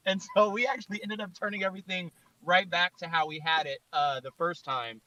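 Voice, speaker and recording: A man's voice: high voice, steady tone, a little fast, pushed and bright. A man, a videographer, telling a story in casual chat, rambling and full of "like". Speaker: videographer and director. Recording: dull lo-fi online audio.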